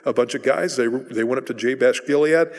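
A man giving a sermon in an easygoing, storytelling manner, now and then slipping into the voices of the people in his story. His voice has a middle pitch and carries a long reverb, as if he is speaking in a large hall. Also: a little fast. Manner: conversational storytelling, acts out voices in retellings. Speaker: preacher.

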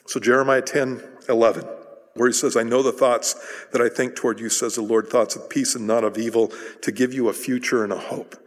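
A man's voice: mid-range voice, a little fast. Middle-aged man, pastor, chatty sermon delivery with restarts, mid-range voice, long hall reverb. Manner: conversational, animated storytelling with frequent restarts.

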